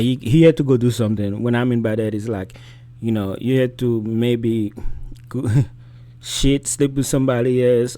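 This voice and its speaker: A man's voice: mid-range voice, warm tone. A man hosting a reaction video, giving emphatic, rhetorical commentary. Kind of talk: casual commentary.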